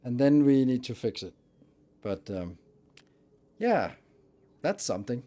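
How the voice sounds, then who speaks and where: A man's voice: mid-range voice, sing-song, a little slow, dark tone. A man streaming a building game, thinking aloud and muttering as he plays. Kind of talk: casual live-stream commentary.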